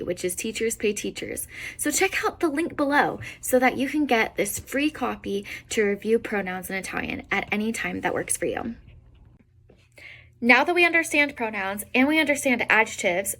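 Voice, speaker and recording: A young woman teaching an Italian lesson, explaining patiently and repeating each example word clearly. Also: fairly high pitch, a bit bright. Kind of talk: online language lesson.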